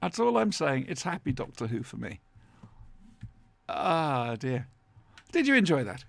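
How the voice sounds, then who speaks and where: A man's voice: mid-range voice, very animated, a little slow, creaky, fairly bright tone, no echo. A man with a chatty, wry manner, co-hosting a casual watch-along commentary from home. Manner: chatty, wry, fond asides. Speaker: podcast co-host watching along. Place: home room, dry sound.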